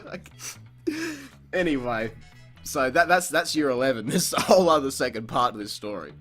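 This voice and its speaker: A man's voice: medium pitch, moderate pace, faint music behind. A young man tells a school story on a podcast, swearing freely and laughing often. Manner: profane, animated, laughs often. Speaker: podcast host. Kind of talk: casual storytelling.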